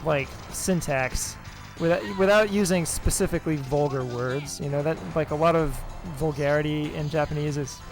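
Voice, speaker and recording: A man's voice: a little high, over music. Rambling man hosting a livestream. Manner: rambling, halting, with many restarts and chuckles. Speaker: stream host and translator. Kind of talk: casual livestream chat.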